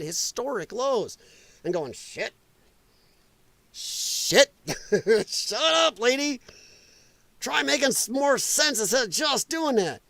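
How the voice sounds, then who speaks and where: A man's voice: high-pitched, no echo. A middle-aged man from Illinois hosting a live political commentary stream. He swears freely, laughs often and slips into sarcastic, mocking voices. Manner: animated, drops into sarcastic mimicking voices.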